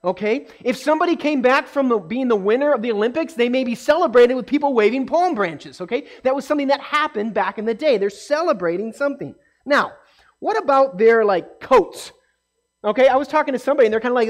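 A woman with a high, bright-pitched voice tells a Bible story to a group of children. She is animated and keeps asking the kids questions. She also acts out the voices of people in the story. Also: fast.

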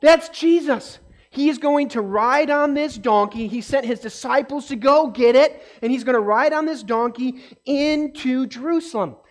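High-voiced woman teaching kids. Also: moderate pace. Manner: animated, questions the kids often; acts out voices and quotes in the story. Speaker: children's Bible teacher. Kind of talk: storytelling lesson to children.

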